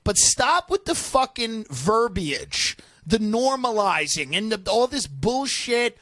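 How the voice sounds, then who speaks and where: A man in his thirties hosting a comedy podcast, ranting loudly and profanely. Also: sits high, sing-song, takes it slowly, no room sound. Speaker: podcast host.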